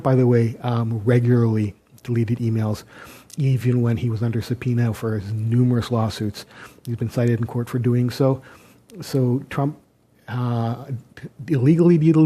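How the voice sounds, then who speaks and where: A man talks through his political views in a halting, hesitant way, full of fillers and restarts. His voice is very dark and mellow, at an average pitch. He drops wry, sardonic asides. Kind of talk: political commentary monologue.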